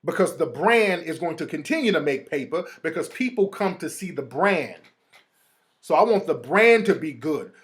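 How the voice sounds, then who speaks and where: A man's voice: fairly high pitch, big pitch swings, normal speed, a bit bright. A man hosting a show, talking casually in streetwise slang, mimicking other people as he makes his point. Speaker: host. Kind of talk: casual monologue.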